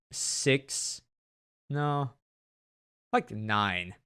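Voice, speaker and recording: A man's voice: mid-range voice, pushed and bright. A young man from Tennessee with a Southern accent, rambling and joking casually while he plays a game and comments on it, with a sore throat. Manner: rambling, chatty, self-joking. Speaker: gaming channel host. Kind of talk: Let's Play gameplay commentary.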